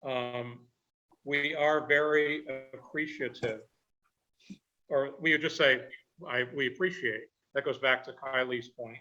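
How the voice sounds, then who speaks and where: A man's voice: mid-range voice, fairly even intonation, measured pace, sharp tone, dull audio. Man giving a friendly grammar report. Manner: explanatory, correcting word use with examples. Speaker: grammarian at a club meeting. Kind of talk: online meeting report. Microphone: video call.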